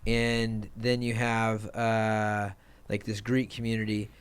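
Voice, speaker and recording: A man's voice: fairly low pitch, completely flat delivery, slow pace, clean tone. A man hosting a casual podcast interview, rambling with many fillers as he asks questions. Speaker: podcast host.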